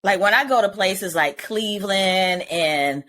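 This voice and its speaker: A woman co-hosts a podcast in relaxed chat, blunt and quick with a joke. She talks in a slangy, plainspoken way at a middle pitch. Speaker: podcast co-host. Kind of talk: casual chat. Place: Atlanta.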